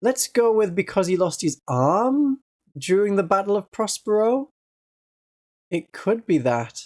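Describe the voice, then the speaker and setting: Northeast English streamer, gentle and easygoing, laughs a lot, casual livestream chat, mid-pitched. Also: very animated, measured pace. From northeast England.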